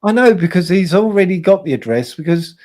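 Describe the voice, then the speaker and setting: A man's voice: sits high, animated, a little fast, noisy background. Blunt, profane male livestream host. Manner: blunt, profane, repeats himself. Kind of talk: casual livestream chat.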